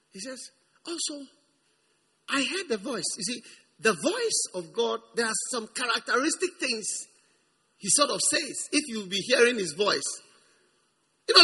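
A man preaching a sermon with emphasis, repeating words and swinging from hushed reading to shouted lines. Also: sits high, slightly rough. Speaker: pastor.

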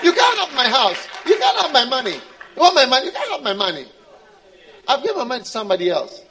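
A man's voice: high voice, animated, quick pace, a bit bright, a faint crowd. A man voicing a cold husband who curtly refuses every request with scornful laughing refusals. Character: cold husband dismissing an unloved wife.

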